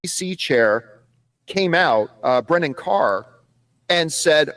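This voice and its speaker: A man's voice: a little high, animated, slow pace, long pauses, fairly bright tone, no room sound. A man commenting on the news in a played clip, emphatic and repeating phrases for stress.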